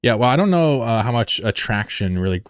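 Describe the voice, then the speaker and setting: A man's voice: medium pitch, sing-song, brisk, no room sound, clean studio sound. A man chatting casually on a live game stream, rambling, joking and swearing freely while he plays.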